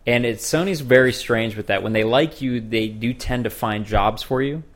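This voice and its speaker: A man's voice: medium pitch, moderate pace. Joking man hosting a casual chat. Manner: hesitant restarts, joking. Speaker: host.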